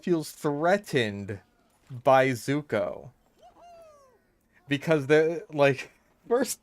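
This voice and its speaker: A man of middle pitch doing gaming commentary as a voice-over. He rants in an exasperated, sweary way, breaking off his sentences and starting again, with a steady stream of "like". It is casual, fed-up venting over gameplay. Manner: halting, restarts with lots of "like". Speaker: gaming YouTuber.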